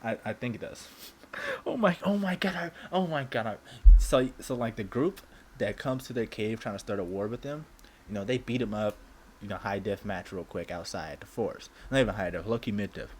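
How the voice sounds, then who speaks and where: Slangy, stammering man with a lowish voice. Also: fairly quick, a little hiss or hum. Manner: rambling, stammering restarts, slangy and animated. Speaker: anime commentator. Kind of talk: casual commentary.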